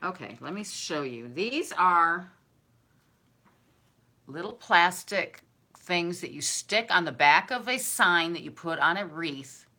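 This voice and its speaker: A woman's voice: on the low side, lively intonation, slow, sharp tone. A woman, chatting casually and effusively to her viewers while unboxing gifts they sent her. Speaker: craft and decor vlogger.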